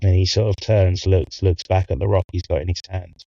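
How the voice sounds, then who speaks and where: A man playing a tabletop game, calmly describing his character's actions step by step. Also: sits low, moderate pace, creaky, no echo, dull audio. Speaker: player.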